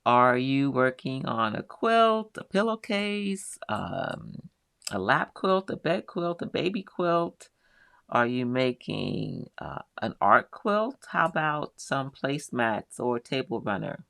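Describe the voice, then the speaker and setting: Middle-aged lady hosting a quilting livestream, slow easy chat reading the comments, close dry mic. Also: very deep voice, very animated, creaky, no echo. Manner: chatty, reads out viewer names and answers warmly. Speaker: host of a live quilting show. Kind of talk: casual live-stream chat reading viewer comments.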